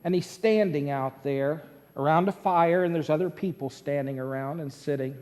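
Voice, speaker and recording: A male pastor, preaching a sermon as dramatic storytelling that swings between loud and hushed. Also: on the high side, normal speed, long reverb tail. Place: church sanctuary.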